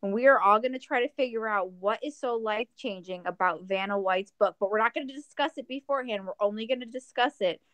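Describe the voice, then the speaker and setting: A woman co-hosting a podcast in casual chat, joking and rambling through plans in an animated way. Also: on the high side, fast talker, hardly any pauses, no room sound. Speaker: podcast co-host.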